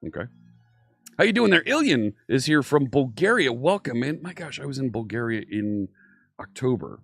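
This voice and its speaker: A man's voice: medium pitch, sing-song, moderate pace, creaky, a bit bright, husky, no room sound. A man from Philadelphia with a light Philadelphia accent, teaching programming in a casual, upbeat live-stream chat and greeting viewers by name. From Philadelphia, USA. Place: home studio. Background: faint synthwave music.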